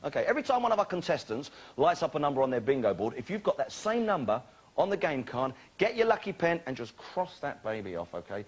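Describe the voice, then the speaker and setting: A man's voice: fairly high pitch, very animated, quick pace. A man hosting a television game show, joking and bantering energetically with contestants. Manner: exuberant, jokey banter with contestants. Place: television studio with live audience. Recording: loud studio audience and noise.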